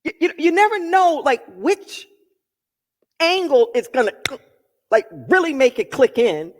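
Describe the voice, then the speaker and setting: High-voiced woman preaching in a hall. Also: big pitch swings, measured pace. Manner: emphatic, repeats key phrases. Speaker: minister. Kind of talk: sermon.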